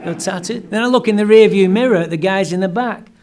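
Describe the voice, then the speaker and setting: A man telling his personal story as a guest speaker at a recovery meeting, animated and blunt, with some profanity. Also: high-pitched, brisk, a little hiss or hum. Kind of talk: personal storytelling talk to a live audience.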